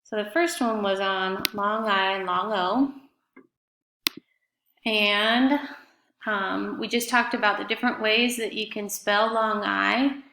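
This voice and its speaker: A woman's voice: medium pitch, creaky, noisy background. A woman teaching a fifth grade class in a recorded remote lesson, speaking patiently and spelling out words letter by letter. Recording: echoey room.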